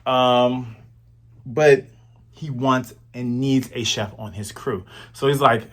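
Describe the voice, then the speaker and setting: A man's voice: medium pitch, steady tone, takes it slowly. A man in his thirties hosting a manga review, chatty and slangy in casual commentary. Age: 30s.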